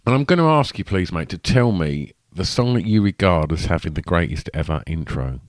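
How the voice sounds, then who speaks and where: A man's voice: low voice, animated, brisk, no room sound. A man with an Essex accent hosting a podcast, chatting casually and rambling with many fillers and restarts. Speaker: podcast host.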